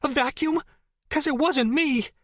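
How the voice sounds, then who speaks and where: A man's voice: very high-pitched, unhurried, no room sound, voice pushed up. A young woman on the edge of tears, her voice breaking as she speaks, put on by a male narrator. It rises far above his usual register, recorded close and dry. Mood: angry. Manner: shouting through tears, voice cracking. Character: tearful young woman, hurt and defiant.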